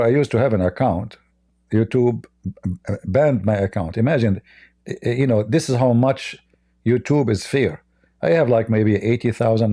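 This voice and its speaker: A man hosting a live debate stream, talking in a mocking, sarcastic, halting way. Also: mid-range voice, mellow, no room sound, clean studio sound. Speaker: Christian apologist livestream host.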